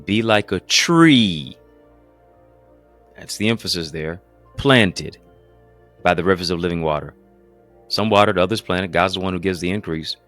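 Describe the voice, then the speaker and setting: A man's voice: sits low, normal speed, fairly bright tone, faint music behind. A man preaching as a pastor, in an emphatic, repetitive cadence full of rhetorical questions. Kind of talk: motivational preaching.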